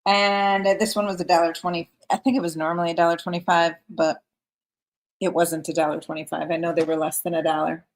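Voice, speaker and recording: This craft livestream host talks fairly quickly in a fairly low-pitched, level voice. Her tone is casual as she chats and reads out comments from viewers.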